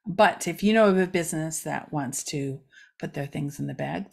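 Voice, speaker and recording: A woman's voice: sits low, moderate pace, gravelly, a little mellow, husky. A middle-aged woman hosting a casual community update for a local news site, chatty and rambling with many fillers.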